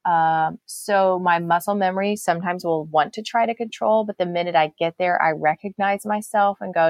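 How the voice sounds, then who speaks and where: A woman's voice: lowish voice, moderate pace, hardly any pauses, no room sound. A woman speaking as an author guest on a faith-based podcast, reflective and earnest, often restarting her sentences.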